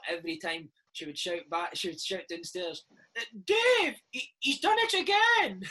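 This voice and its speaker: A Scottish former footballer, maybe in his thirties, telling lively, laughing stories in a casual interview. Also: high voice, poor audio. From Scotland. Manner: lively, laughing, says mate a lot. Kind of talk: casual storytelling chat.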